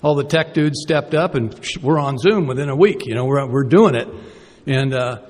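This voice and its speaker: A man's voice: medium pitch, normal speed, a little mellow. A man giving a personal recovery talk from a podium, conversational and self-deprecating, asking the audience rhetorical questions. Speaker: recovery meeting speaker. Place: conference hall. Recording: reverberant hall.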